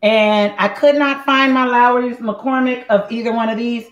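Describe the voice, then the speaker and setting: In an echoey room with muffled lo-fi audio, a woman hosting a live cooking show chats playfully and directly with her viewers. Her voice is a little high and steady in tone, and she speaks at a normal speed in this casual cooking chatter.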